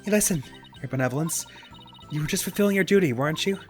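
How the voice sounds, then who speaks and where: A man's voice: a little high, lively intonation, fast talker, soft background music, close to an everyday voice. A man voicing a cheerful, friendly young woman spirit medium in a game let's play, with a peppy, bouncy delivery. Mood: earnest.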